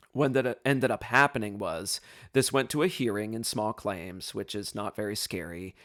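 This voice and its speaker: A man hosting a podcast, telling a personal story in an animated, self-deprecating way, with plenty of ums and restarts. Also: mid-range voice, no echo, studio quality. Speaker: podcast host.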